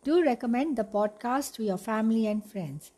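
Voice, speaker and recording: A woman reading a children's storybook aloud as the podcast host, soothing and unhurried. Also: a little high, expressive, mellow.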